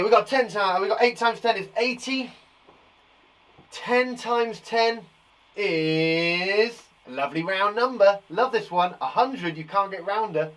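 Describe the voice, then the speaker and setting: A male teacher talks young children through their times tables in a live lesson. His voice is on the higher side, and he keeps reassuring them as he counts along. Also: a bit bright, poor audio. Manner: encouraging, chatty and reassuring. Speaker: primary school teacher.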